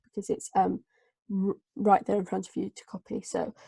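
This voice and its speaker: A woman tutoring a live online class, her voice gravelly and mellow with a flat melody. She speaks haltingly, filling pauses as she writes. The sound is dry and close on a computer mic. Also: mid-range voice, dry recording. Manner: slow, hesitant dictation with many fillers while writing. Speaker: English tutor.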